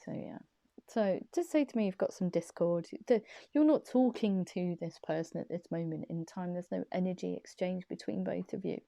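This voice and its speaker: Chatty tarot reader, female, mellow gravelly tone, giggles through her enthusiastic rambling. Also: lowish voice, moderate pace, dry recording. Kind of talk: casual chatty tarot reading. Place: small room at her parents' home. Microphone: camera on a small desk tripod.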